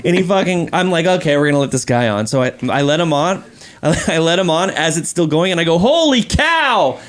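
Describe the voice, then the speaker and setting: High-voiced man telling a rowdy story. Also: fast talker. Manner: animated, profane storytelling with frequent laughs. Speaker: podcast host. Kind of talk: casual chat.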